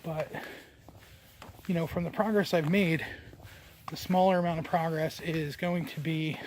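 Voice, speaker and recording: A man's voice: fairly high pitch, fairly even intonation, unhurried, darkish tone, a little hiss or hum. A man from New Jersey talking to his camera as he walks outdoors, rambling with many fillers and restarts. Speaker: vlogger. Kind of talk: walking vlog talking to camera. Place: outdoors on a walk. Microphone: handheld camera while walking.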